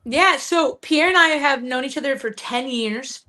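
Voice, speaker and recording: With a high-pitched, bright, pushed voice and an unhurried pace, this twenty-something actress and co-writer guests on a live podcast. She swaps stories casually, swearing cheerfully and frequently doing impressions of others.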